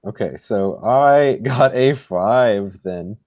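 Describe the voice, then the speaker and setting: A man's voice: fairly low pitch, slow, a little mellow. A man playing a tabletop game, thinking aloud and tentative as he decides what his character does. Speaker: player. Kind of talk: casual tabletop play.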